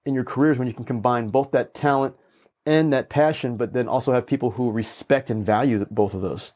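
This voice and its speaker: A man with a brisk, mid-range voice appears as a guest, sharing stories conversationally. He energetically acts out the lines he quotes.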